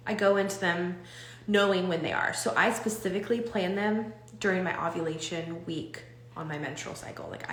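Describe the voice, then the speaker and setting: A young woman coaching her audience on a live stream, talking in an animated, rambling way with many restarts. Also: medium pitch, roomy sound.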